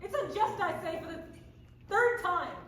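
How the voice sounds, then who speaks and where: A woman acting out a put-upon young Cinderella in a stage farce, high-voiced and theatrical, playing up her suffering with mock cheer. She is heard from far across a very echoey hall, with room noise clearly behind her. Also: normal speed, fairly bright tone. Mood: indignant. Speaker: stage actor. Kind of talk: live stage comedy.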